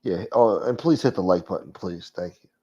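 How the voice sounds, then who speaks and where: A man's voice: lively intonation, fairly quick, dark tone, husky. A man hosting a casual livestream, muttering back to the comments his viewers type. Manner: mutters low, talks back to chat. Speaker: livestream host reading chat. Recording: dull lo-fi stream audio.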